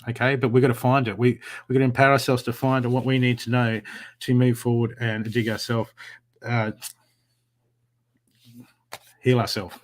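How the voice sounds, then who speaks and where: A man's voice: medium pitch, flat delivery, brisk. Earnest Australian man reading tarot. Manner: earnest, repetitive, coaching tone with many "okay"s. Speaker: tarot reader. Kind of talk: live-stream tarot reading.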